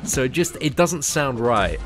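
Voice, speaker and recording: A man's voice: medium pitch, animated, a little slow, over music. Chatty young southern English man. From Surrey, southern England. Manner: rambling, stammering restarts, chatty slang. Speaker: streamer. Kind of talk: casual live-stream chat. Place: parents' garden, outdoors.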